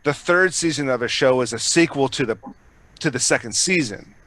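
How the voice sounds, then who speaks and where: A man's voice: medium pitch, moderate pace, sharp tone, dry recording. A man co-hosting a podcast, rambling in casual chat, swearing a lot and restarting his sentences. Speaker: podcast co-host.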